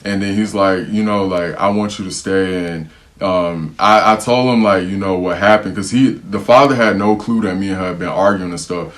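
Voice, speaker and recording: A young man with an American accent and a very deep, low voice tells a story straight to the camera. He talks casually and uses a lot of slang, and he acts out the lines of the people in the story. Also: moderate pace. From United States. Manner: animated, slangy, acts out what others said. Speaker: vlogger telling a travel story.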